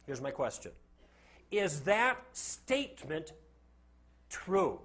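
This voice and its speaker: A male lecturer speaking to a classroom, with a fairly high voice that swoops up and down as he jokes. He keeps the room involved by asking the class rhetorical questions. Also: slow pace. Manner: animated, joking, asks the class rhetorical questions. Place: classroom with a live audience.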